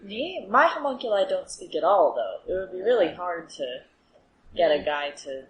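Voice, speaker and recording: A woman's voice: fairly low pitch, very animated, normal speed, slight background noise, low-quality recording. A woman playing a tabletop role-playing game, reasoning things out in casual slang. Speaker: player. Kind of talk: tabletop role-play chat.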